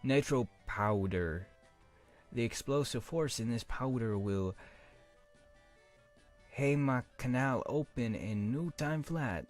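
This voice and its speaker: A man voicing gruff male dwarf villagers in a vague put-on accent, reading the game text aloud and stumbling. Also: medium pitch, expressive, takes it slowly, long pauses, soft background music, voice pushed up. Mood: hearty.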